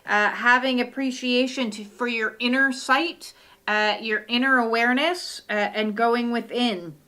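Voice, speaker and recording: A woman's voice: fairly high pitch, steady tone, unhurried, sharp tone. A middle-aged woman hosting a live oracle card reading from her home studio, talking in a soothing way with lots of "uh" fillers.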